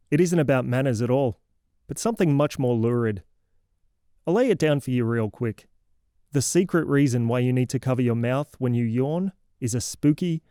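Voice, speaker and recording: A cranky, sarcastic crank , played by a man, scolds a kid with theatrical outrage in a comic horror audio story. His voice is warm and dark. The sound is dry and close. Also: mid-range voice, dry recording, natural voice.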